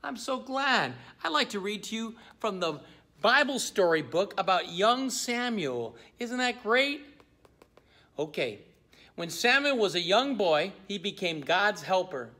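A male pastor giving a children's message, speaking in an animated, sing-song way to young children. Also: sits high, measured pace.

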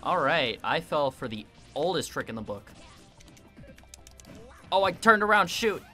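A man giving casual gameplay commentary, excitable and self-mocking, quick to vent his frustration. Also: on the high side, soft background music. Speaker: gaming video creator.

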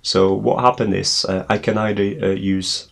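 A man's voice: on the low side, steady tone, normal speed, vocal fry. A man hosting a tech tutorial, explaining a setup step by step with frequent hesitations. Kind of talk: screen walkthrough tutorial.

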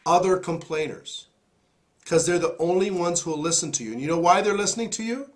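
A hoarse man, still getting his voice back, hosting an emphatic, preachy motivational talk into a studio mic. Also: sits high, fairly quick. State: hoarse, recovering voice. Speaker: host.

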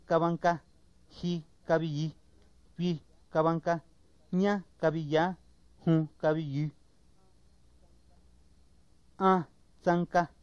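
A man slowly and carefully reading out a word list in a measured, repetitive way. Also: fairly high pitch, darkish tone, dry recording. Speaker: native speaker recording word list. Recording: dull lo-fi 1990s tape, dry.

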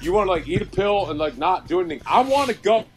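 A man on a podcast, ranting loudly with constant swearing and laughing. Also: sits high, lively intonation, quick pace, soft background music. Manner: loud, swearing, laughing rant. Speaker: podcast co-host. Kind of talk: profane whiskey rant.

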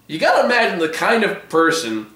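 Hoarse male vlog host, rambling and swearing, bright tone, roomy echo. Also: sits high, huge pitch swings, brisk. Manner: rambling, filler-heavy, swears casually. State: hoarse, voice giving out. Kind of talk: casual TV episode discussion.

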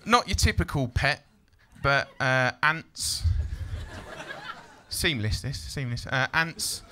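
A man doing a stand-up set in a comedy club, cheeky and animated, shouting out his punchlines. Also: mid-range voice, takes it slowly, slight background noise.

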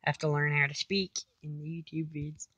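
A woman's voice: low voice, level tone, brisk, fairly bright tone, no room sound, dull audio. A woman casually commenting on her own gameplay, chatty, talking to herself and repeating silly phrases. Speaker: gamer.

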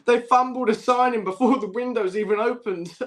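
A man's voice: very high voice, normal speed. A young man hosting a football fan livestream, swearing, laughing often and chatting to his viewers. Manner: swears a lot, laughs often, says bruv constantly. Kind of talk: casual livestream chat.

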